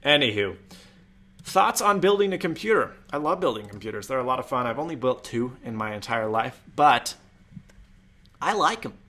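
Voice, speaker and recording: A man's voice: medium pitch, animated, normal speed, pushed and bright. A young man hosting a casual tech live stream, chatty and rambling, with jokey asides. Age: young adult. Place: home room.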